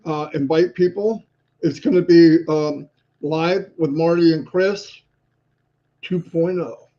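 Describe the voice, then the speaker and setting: High-voiced joking man on dull call audio. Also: slow. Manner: joking, animated storyteller. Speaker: co-host of a live stream. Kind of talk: casual chat.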